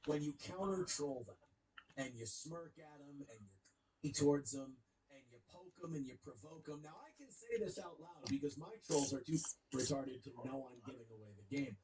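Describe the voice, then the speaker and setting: A man's voice: medium pitch, expressive, moderate pace, crowd noise, low-quality recording. A man played as a clip, confidently lecturing about handling internet trolls. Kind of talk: casual chat.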